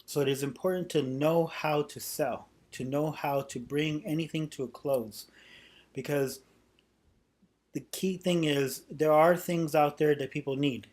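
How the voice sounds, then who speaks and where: A man's voice: fairly high pitch, unhurried, a little mellow. A man teaching a sales technique in an unscripted way, often repeating and restarting phrases and acting out sample lines. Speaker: sales trainer. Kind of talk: instructional talk.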